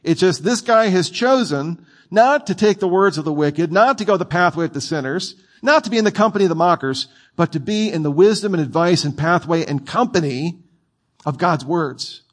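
A man's voice: high-pitched, animated, moderate pace. A man preaching a sermon in a conversational, playful way, with asides to his listeners.

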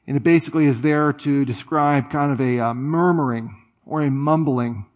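A man preaching a sermon in a conversational way, with playful, animated asides. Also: medium pitch, moderate pace, highs cut off. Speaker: pastor.

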